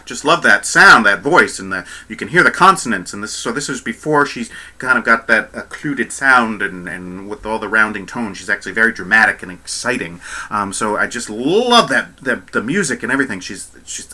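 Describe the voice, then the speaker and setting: A man rambling chattily about an opera recording, often correcting himself and getting animated. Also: lowish voice, moderate pace. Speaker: opera commentator. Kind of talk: casual spoken commentary on a recording.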